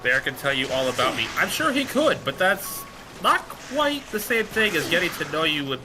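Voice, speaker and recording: A man chatting playfully through a gaming stream. His pitch swings widely, and clear music plays behind his voice. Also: big pitch swings, moderate pace. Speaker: streaming guest. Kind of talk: casual chat while gaming.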